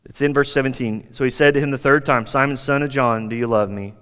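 A pastor preaching a sermon, animated, climbing higher for emphasis and dropping soft for quiet asides. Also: male voice, fast, smooth. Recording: long reverb of a hall.

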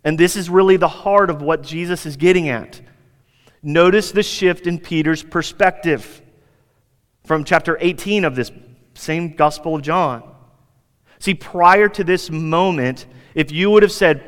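A pastor preaching a sermon, animated, climbing higher for emphasis and dropping soft for quiet asides. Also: male voice, normal speed. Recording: long reverb of a hall.

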